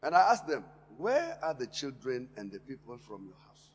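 A man preaching a sermon in a church, impassioned, swinging between quiet asides and loud emphatic lines and repeating words for stress. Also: medium pitch, huge pitch swings, moderate pace, husky. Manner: impassioned preaching with sharp rises and drops in loudness. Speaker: pastor. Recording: long hall reverb in a church.

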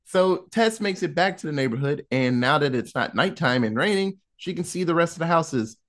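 Animated man retelling a film. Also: on the high side, normal speed. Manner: animated storyteller who acts out quotes. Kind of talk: casual film recap storytelling.

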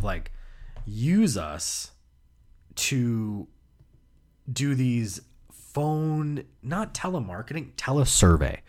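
A man from the United States hosting a podcast, telling casual stories with loud bursts, quick asides and swearing. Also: mid-range voice. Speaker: podcast host. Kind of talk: casual storytelling monologue.

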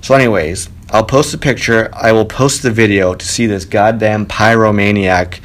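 A man hosting his own podcast from a home studio, telling a story casually, animated and swearing freely. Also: on the low side, normal speed. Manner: animated, swearing, quotes people with raised voice. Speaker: podcast host. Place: spare bedroom home studio. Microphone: home studio mic.

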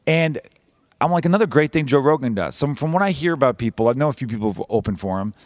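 A man's voice: mid-range voice, lively intonation, fast talker, darkish tone, dry recording, clean studio sound. A man hosting a podcast, talking in a casual, rambling, wry comedic monologue full of swearing. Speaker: podcast host.

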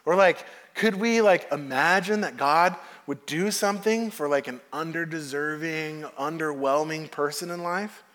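High-voiced preaching man in a hall. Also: unhurried, hardly any pauses. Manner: conversational, animated storytelling preaching. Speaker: pastor. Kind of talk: sermon. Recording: long hall reverb.

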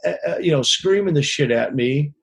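A man's voice: a little high, lively intonation, normal speed, gravelly, husky. A man who works as a touring concert lighting director, telling frank, rambling stories in an interview, swearing freely and often asking "you know what I mean?". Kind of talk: casual interview storytelling.

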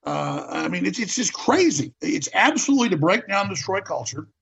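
A man's voice: high-pitched, sing-song, moderate pace, creaky, fairly bright tone, slightly rough. A man hosting a talk show, delivering an impassioned political monologue, ranting and repeating words for emphasis, on a dull lo-fi recording.

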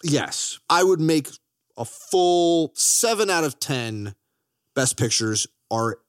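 A man's voice: a little high, lively intonation, takes it slowly, clean tone, no room sound, studio quality. A man co-hosting a podcast, chatting enthusiastically about films, joking and swearing. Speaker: podcast co-host. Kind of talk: casual film chat.

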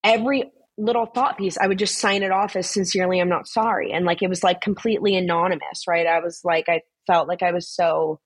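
A young woman guest telling stories in a casual podcast chat, blunt and animated, swearing freely and saying "like" constantly. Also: lowish voice, fairly quick, breathy edge, no echo. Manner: chatty, swears freely, fills talk with "like". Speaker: guest, social media influencer.

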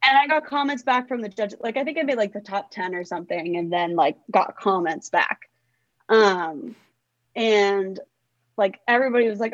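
Young adult woman, interview guest, chatty and meandering, mid pitch, dry muffled recording. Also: animated, moderate pace, no room sound. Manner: rambling, filler-heavy with frequent "like". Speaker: songwriter guest. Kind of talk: casual interview chat.

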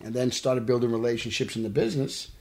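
A man's voice: mid-range voice, fairly even intonation, fast, gravelly, darkish tone. A man from Brooklyn, a guest actor on a studio podcast who tells his stories earnestly and acts out the quotes. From Brooklyn, New York. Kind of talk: casual podcast interview.

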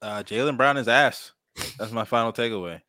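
A man's voice: medium pitch, normal speed, sharp tone, no echo, studio quality. A man co-hosting a casual podcast, blunt, slangy and profane. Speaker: podcast co-host. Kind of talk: casual sports and wrestling chat.

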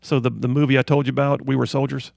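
A man's voice: medium pitch, level tone, fast, vocal fry, a little mellow, no echo. A male radio talk show host in a studio, delivering an emphatic monologue and repeating phrases for emphasis. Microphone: studio microphone.

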